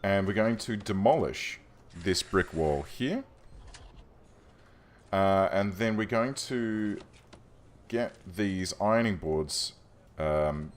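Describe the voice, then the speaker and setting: A man's voice: low-pitched, expressive, takes it slowly. A man hosting a let's-play video, rambling and self-deprecating with lots of ums as he plays. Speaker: gaming channel host.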